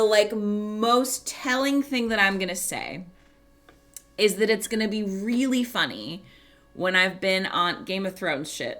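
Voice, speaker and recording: A woman streamer telling a story in casual chat, animated, swearing and laughing often. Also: mid-range voice.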